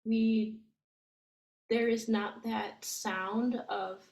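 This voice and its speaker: A woman teaching a language lesson, explaining gently and step by step with frequent ums. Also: a little high, fairly even intonation, extremely slow, gravelly, echoey room, rough recording. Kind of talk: slow, patient language lesson.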